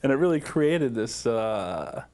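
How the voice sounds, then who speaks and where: A man's voice: medium pitch, sing-song, a little slow, a little mellow. A man in an interview recalling how a film was made, thoughtful and hesitant. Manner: reflective, hesitant with fillers. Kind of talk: interview recollection.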